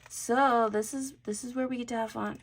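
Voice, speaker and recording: A woman chatting casually through a bead necklace tutorial as she works at her desk mic, thinking aloud and trailing off into soft mutters. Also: fairly high pitch, steady tone, moderate pace. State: has the hiccups. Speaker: jewelry-making channel host. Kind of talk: casual craft tutorial chat.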